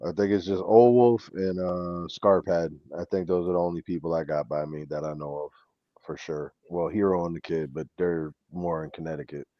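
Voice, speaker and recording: A man's voice: low voice, fairly even intonation, moderate pace, dry recording, lo-fi sound. A man from Springfield, Massachusetts with a Western Massachusetts accent, chatting as a co-host, rambling and swearing with lots of "like". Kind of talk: casual chat.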